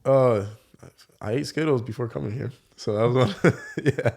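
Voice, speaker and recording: A man's voice: mid-range voice, normal speed, creaky. A young man talking in a casual podcast conversation, telling stories loosely with lots of "like" fillers. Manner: relaxed storytelling, many fillers like "like". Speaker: guest, professional dunker.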